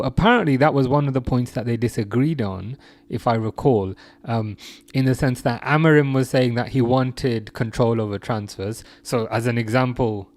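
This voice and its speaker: A man's voice: mid-range voice, darkish tone, no echo. Chatty young man on a dry mic. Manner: chatty, laughs often, many restarts and fillers. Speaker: live stream host. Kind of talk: casual live chat reading viewer comments.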